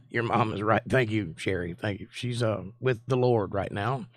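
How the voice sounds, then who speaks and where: A man's voice: lowish voice, moderate pace, dry recording. A man in his forties with a Southern US accent, hosting a livestream and chatting in a folksy way with viewers. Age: 40s. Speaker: host. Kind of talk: casual livestream chat.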